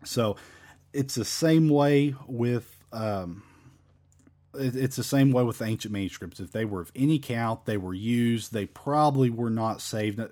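A man's voice: mid-range voice, measured pace, warm tone. A man teaching a verse-by-verse Bible study in an emphatic, repetitive, conversational way.

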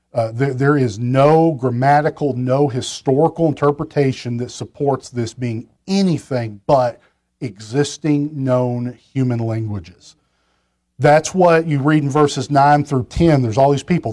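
A man's voice: medium pitch, dark tone. A man preaching a sermon from a pulpit, talking in a conversational way with restarts and side remarks to the congregation. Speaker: pastor.

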